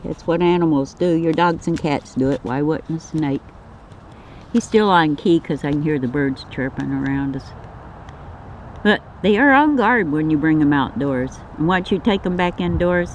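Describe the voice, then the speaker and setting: A man talking casually on his vlog outdoors, chatting fondly about and to his pet snake. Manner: fond, chatty, coos at his snake in a higher voice. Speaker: snake keeper filming his pets. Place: outdoors in a yard. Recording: slightly dull lo-fi camera audio with faint outdoor noise.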